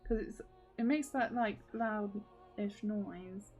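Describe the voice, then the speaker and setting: A woman's voice: mid-range voice, slow, darkish tone, faint music behind. A woman chatting casually in a video diary, rambling with lots of fillers and frequent laughs. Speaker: video diarist.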